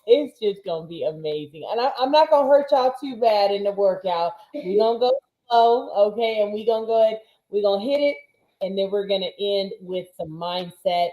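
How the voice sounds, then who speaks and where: Emotional woman coach with a dark voice. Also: medium pitch, fairly quick, roomy sound, rough recording. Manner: energetic, emotional, tough-coach enthusiasm. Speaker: fitness coach. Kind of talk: casual group video chat.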